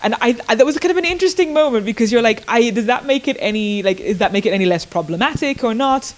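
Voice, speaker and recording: A woman's voice: fairly high pitch, lively intonation, quick pace. Hesitant woman panelist who does improv. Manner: thoughtful, hesitant, many fillers. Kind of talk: panel discussion.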